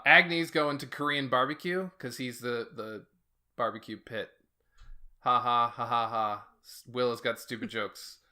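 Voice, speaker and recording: A man in casual podcast chat, unhurried and jokey. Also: medium pitch, sharp tone. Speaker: podcast co-host.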